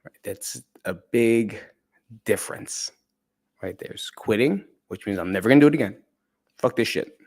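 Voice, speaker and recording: A man's voice: on the low side, expressive, normal speed, pauses often, a little mellow. A man candidly telling a personal story in a conversational, profane way. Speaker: podcast speaker.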